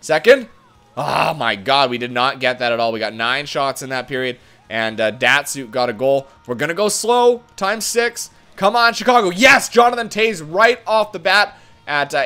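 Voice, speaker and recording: A man hosting a video game let's-play, doing excitable mock play-by-play and shouting at big moments. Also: sits high. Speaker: gaming channel host.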